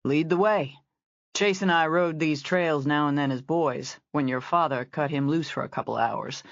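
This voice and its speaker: A woman's voice: deep voice, normal speed, dry recording, lo-fi sound. A woman doing an easygoing cowboy ranch hand. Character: laid-back male ranch hand, easygoing and teasing.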